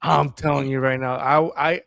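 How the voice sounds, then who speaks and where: A man's voice: a little high, normal speed, vocal fry, clear, resonant tone, no echo. Earnest man telling stories, dry close sound. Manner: earnest, animated storytelling. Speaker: podcast guest. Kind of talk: casual podcast conversation.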